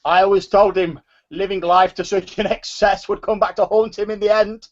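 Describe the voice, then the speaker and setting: Guy doing a doddery old nobleman, high wobbly voice, stammers a lot, kinda muffled audio. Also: fairly even intonation, moderate pace, lightly acted. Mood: chatty. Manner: stammering, repeats words, high quavering. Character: frail doddering old nobleman, kindly and rambling.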